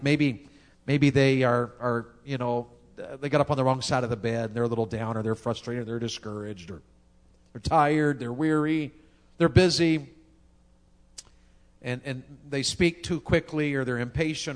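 A man's voice: mid-range voice, moderate pace. A man preaching a sermon, driving his points home with rhetorical questions. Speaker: pastor.

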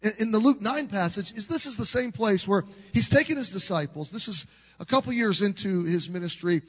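A man's voice: high voice, animated, brisk, a bit bright, breathy edge. A middle-aged man preaching a sermon as a pastor, telling a story in an earnest, conversational way with frequent restarts. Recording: long reverb of a large hall.

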